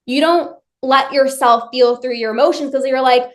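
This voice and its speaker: A woman's voice: high-pitched, animated, measured pace, hardly any pauses. A woman leading a live online workshop, speaking to her viewers directly with emphatic, repetitive phrasing.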